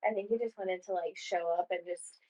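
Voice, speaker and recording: A woman co-hosting a casual chat podcast speaks briskly in a lowish, steady, slightly mellow voice. She tells a long, rambling story packed with "like," acting out quoted lines, and the lo-fi recording sounds dull and muffled.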